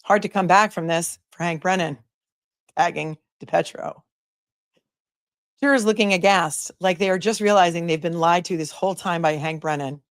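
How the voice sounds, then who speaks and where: A woman's voice: lowish voice, normal speed, no room sound, clean studio sound. A woman attorney hosting a live commentary stream, chatting casually and sarcastically while reading viewer comments aloud.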